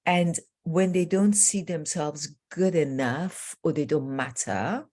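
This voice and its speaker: A middle-aged woman coach with a low voice tells animated stories and shifts her pitch up and down to act out the people in them. She sounds like a guest in a casual interview. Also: slow pace. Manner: lively storyteller, acts out quotes with jumps in pitch. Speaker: life coach. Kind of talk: animated storytelling in a podcast interview.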